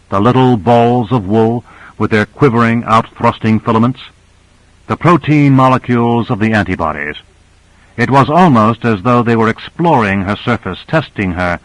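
A man's voice: lowish voice, no echo, low-quality recording. Male audiobook narrator, dry close sound. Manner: steady, expressive reading.

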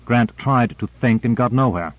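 A man narrating a novel in a measured, steady read. The sound is bone-dry and squeezed narrow, like a voice down a phone line. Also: mid-range voice, no room sound. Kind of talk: scripted audiobook narration.

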